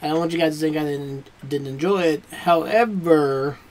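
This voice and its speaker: A man's voice: fairly high pitch, moderate pace. A man hosting a reaction video, giving a casual spoken review that rambles with hesitations, fillers and restarts.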